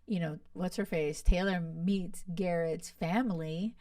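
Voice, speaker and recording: Gushing chatty woman, low voice, dry sound. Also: unhurried, mellow, dry recording, far from the mic. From Miami. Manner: gushing, chatty, lots of "like" and "you guys". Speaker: podcast host. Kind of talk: casual chat.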